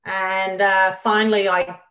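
A middle-aged woman, a guest on an interview show, telling a lively story full of quoted dialogue. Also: medium pitch, slow. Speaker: guest, former squash champion.

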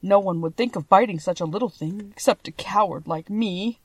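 A woman voicing a big timid male lion who is ashamed and sad, speaking slowly and sheepishly. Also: mid-range voice, husky, dry recording, close to an everyday voice.

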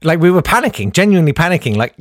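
A man's voice: a little high, big pitch swings, racing, no echo, studio quality. A young man rambling through comic anecdotes, often interrupting himself and laughing at his own stories. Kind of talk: anecdotal storytelling.

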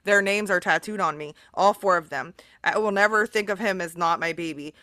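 A woman hosting a podcast, chatting casually in a rambling, earnest way full of fillers. Her voice is bright and forward. The sound is dry and close. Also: on the low side, brisk, no room sound. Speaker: podcast host. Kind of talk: casual interview chat.

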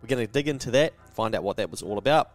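A man's voice: medium pitch, lively intonation, fast, faint music behind. A man with a New Zealand accent hosting a podcast lesson in a casual, chatty, slangy and emphatic way. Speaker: podcast host.

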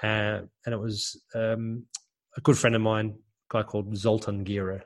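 Low-voiced man telling rambling anecdotes. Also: level tone, moderate pace. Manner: rambling, self-correcting anecdotes. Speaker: former footballer and co-host. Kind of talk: casual storytelling chat.

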